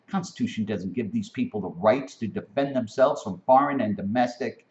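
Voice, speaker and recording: A man delivering an impassioned, profane spoken rant that keeps climbing to near-shouting. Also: fairly low pitch, moderate pace, hardly any pauses. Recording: dull lo-fi recording.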